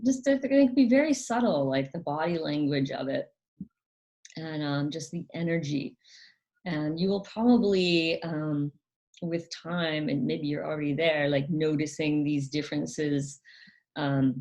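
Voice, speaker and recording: Slow, low-voiced woman explaining gently. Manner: gentle, hesitant, many ums and restarts. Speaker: channel host. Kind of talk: casual educational monologue.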